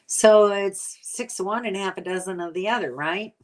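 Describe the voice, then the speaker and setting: A woman's voice: medium pitch, normal speed, darkish tone. An older woman chatting casually on a live stream, answering viewers, rambling with many fillers and sounding tired. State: tired from lack of sleep. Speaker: vlogger answering live chat.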